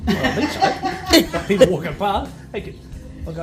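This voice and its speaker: An older man tells a rambling, funny story over lunch, his voice swinging up and down as he acts out the people in it. He laughs through it in an echoey room. Loud music plays behind him. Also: on the high side, lively intonation, fairly quick. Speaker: family member at lunch. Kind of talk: casual storytelling.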